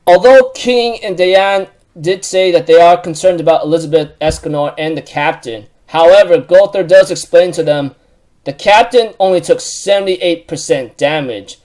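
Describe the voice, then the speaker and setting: A man's voice: high voice, moderate pace, darkish tone. A man casually recapping a manga chapter for his channel, rambling with lots of fillers and self-corrections.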